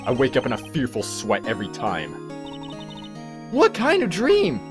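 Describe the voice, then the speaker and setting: A man voicing a haunted, brooding young male prosecutor in a video game, low and grave. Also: huge pitch swings, measured pace, over music.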